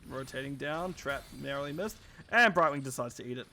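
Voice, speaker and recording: A man's voice: mid-range voice, expressive, fairly quick, sharp tone, a little hiss or hum. A man giving live esports play-by-play commentary, tired and rambling, with self-aware asides. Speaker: esports caster.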